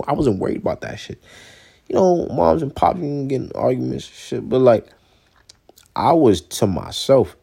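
A young man in a casual, profane monologue, rambling and blunt, swinging between loud outbursts and low mutters. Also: gravelly.

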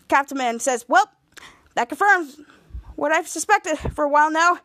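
On a casual podcast, a woman recaps a TV episode with lively energy, slipping into the characters' lines as she retells it. Her high, bright voice moves at normal speed and sounds close and dry, without room echo.

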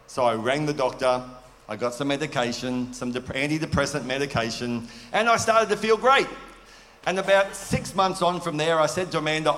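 A man's voice: on the high side, moderate pace, fairly bright tone. A man preaching a sermon in an earnest, conversational way, asking his listeners questions. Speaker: pastor. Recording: long hall reverb.

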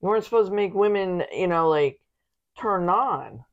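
A woman co-hosting a casual podcast, chatty and quick to react. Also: on the low side, animated, highs cut off. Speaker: podcast co-host. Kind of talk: casual chat.

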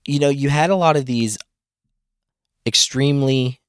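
A man's voice: medium pitch, a little slow, clean tone, dry recording, studio quality. A man hosting an interview, giving brief replies and asking thoughtful follow-up questions. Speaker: host.

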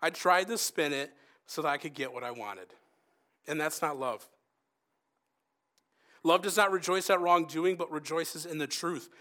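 A man's voice: on the high side, unhurried, pauses often. Earnest conversational man preaching. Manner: earnest, conversational, with rising emphasis and softened quoted asides. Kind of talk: sermon.

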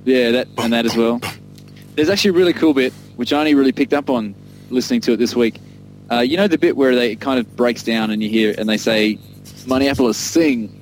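A man's voice: mid-range voice, fast talker, low-quality recording. A man co-hosting a casual music podcast, rambling enthusiastically and laughing often. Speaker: podcast co-host discussing an album.

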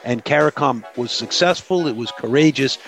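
A man's voice: mid-range voice, normal speed, a bit bright, soft background music. A man speaking as a human rights advocate in an interview, explaining earnestly and briefly acting out what others said. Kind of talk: casual interview conversation.

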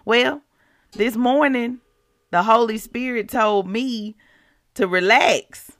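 A woman's voice: a little high, slow, no echo, studio quality. A woman hosting a devotional podcast, chatting casually and asking the listeners rhetorical questions.

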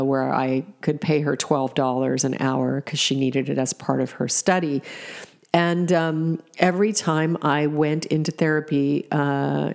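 A woman's voice: sits low, creaky, a little mellow. A middle-aged woman telling personal stories in a reflective way, with fillers and restarts. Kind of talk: personal storytelling.

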